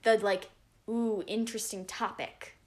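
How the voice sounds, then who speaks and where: A woman's voice: mid-range voice, fairly even intonation, a little slow. A young woman hosting a podcast, chatting casually with a friend and rambling with lots of fillers. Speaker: podcast host. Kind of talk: casual chat.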